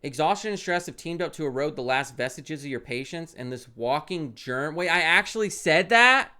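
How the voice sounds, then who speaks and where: Animated young man streamer, smooth voice. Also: on the high side, moderate pace, few pauses. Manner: animated, swings from loud outbursts to muttered asides. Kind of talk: reading a parenting game aloud and reacting.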